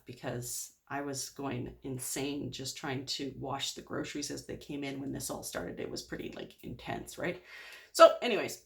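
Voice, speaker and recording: Candid woman with a gravelly voice. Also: rumbling low, normal speed, a bit bright. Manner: open, rambling, lots of fillers. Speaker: vlogger. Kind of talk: candid personal video diary.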